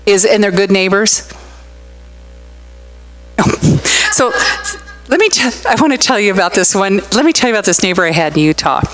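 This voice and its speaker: A woman's voice: mid-range voice, expressive, moderate pace, long pauses, rough recording. Woman, middle-aged, pastor, conversational sermon, storytelling, questions to the congregation, faint background music. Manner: chatty, storytelling, asks the room questions.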